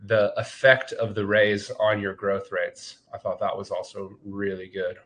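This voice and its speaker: Male webinar host, lowish voice, calm measured feedback. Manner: measured, appreciative comments. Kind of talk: webinar conversation.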